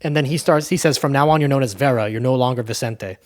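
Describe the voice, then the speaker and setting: A man's voice: mid-range voice, quick pace. Casual, profane man recapping a movie. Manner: loose, profane storytelling with fillers.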